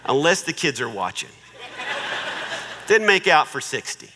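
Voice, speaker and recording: A man's voice: on the high side, big pitch swings, measured pace, long reverb tail, a little hiss or hum. A middle-aged man giving a humorous marriage talk in a joking, conversational way. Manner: joking, conversational, warmly persuasive. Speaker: marriage speaker.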